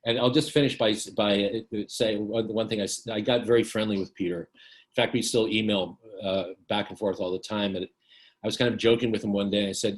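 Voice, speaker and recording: A man giving a book talk in a casual, halting way, full of fillers and restarts, telling stories with wry humor. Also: on the low side, steady tone. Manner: hesitant, many fillers and restarts.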